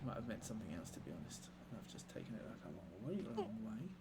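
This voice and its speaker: A man's voice: lowish voice, big pitch swings, quick pace, very noisy. A man livestreaming a game, chatting casually and joking with his chat. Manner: chatty, jokey banter with chat. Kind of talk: casual gaming stream chat.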